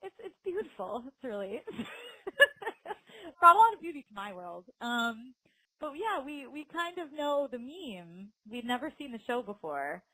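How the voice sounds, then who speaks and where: A woman's voice: high-pitched, big pitch swings, unhurried, bright, forceful tone, no echo, rough recording. A woman co-hosting a podcast in casual chat, laughing often and talking with lots of fillers. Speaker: podcast co-host.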